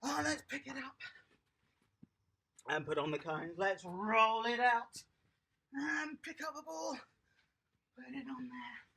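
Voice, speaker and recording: Upbeat, gravelly toddler tennis coach. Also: sits high, animated, measured pace, pauses often, bright, forceful tone. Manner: upbeat, encouraging, praises children by name. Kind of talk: lively online kids' sports lesson.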